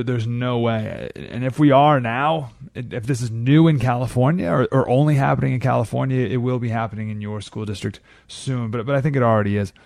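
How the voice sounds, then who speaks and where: A man's voice: mid-range voice, creaky, darkish tone, dry recording, clean studio sound. A man hosting a talk radio show, delivering an opinionated monologue with sarcastic, incredulous jabs and laughter.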